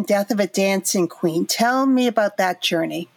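A woman hosting an interview, asking questions in an unhurried, encouraging way. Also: medium pitch, animated. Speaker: interviewer host.

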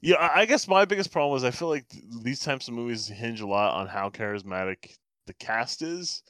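A man's voice: medium pitch, expressive, fairly bright tone, no room sound, studio quality. A man in casual chat, cracking jokes and teasing his co-host while reviewing a movie. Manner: wisecracking, quick jokes and teasing asides.

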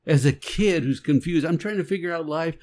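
A man's voice: fairly high pitch, fairly quick, a little mellow. A man co-hosting a faith podcast, talking earnestly and emphatically in a casual conversation. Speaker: podcast co-host.

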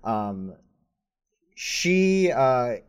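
A man's voice: mid-range voice, sing-song, very slow, clean tone. A man running a tabletop game as game master, describing scenes in a casual, rambling way with many fillers.

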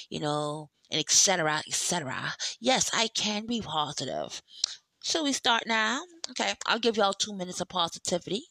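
A woman hosts her podcast solo, unhurried and playful, often breaking into laughter. Her voice is bright and forward, recorded dry and close. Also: fairly low pitch, dry recording, poor audio. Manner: chatty, laughs often, playful self-mocking. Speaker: podcast host. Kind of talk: casual monologue.

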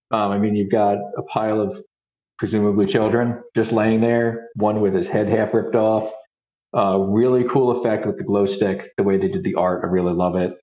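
A man co-hosting a casual podcast, talking in a relaxed, thoughtful way. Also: on the low side. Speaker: podcast co-host. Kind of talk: casual comic book discussion. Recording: echoey lo-fi room sound.

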